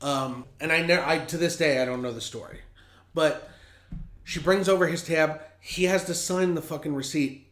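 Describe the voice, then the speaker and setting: A man's voice: on the high side, moderate pace, a bit bright, a little hiss or hum. A man hosting a podcast, telling a story in a blunt, heated and profane way. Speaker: podcast host. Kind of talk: casual storytelling. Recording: roomy echo.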